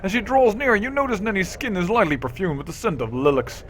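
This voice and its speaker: A man hosting a let's play, reading role-playing game text aloud with lively asides. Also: high voice, a little fast, a little hiss or hum.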